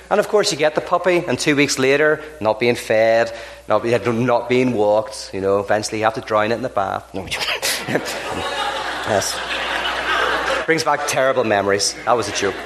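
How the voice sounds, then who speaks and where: A man's voice: medium pitch, moderate pace, a little hiss or hum. Man telling stories. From Ireland. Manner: animated, acts out characters in jokes. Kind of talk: storytelling talk to an audience.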